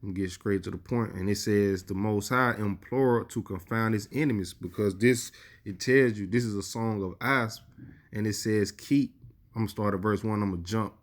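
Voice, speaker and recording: A male preacher giving a sermon, reading scripture slowly and with emphasis, and often adding "you see". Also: fairly low pitch.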